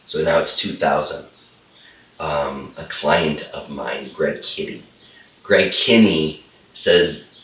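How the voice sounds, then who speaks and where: A man's voice: very deep voice, slow pace, fairly bright tone, echoey room, far from the mic. A middle-aged man, a holistic chiropractor and guest, telling a story with enthusiasm and repeating phrases for emphasis. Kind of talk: animated storytelling in a conversation.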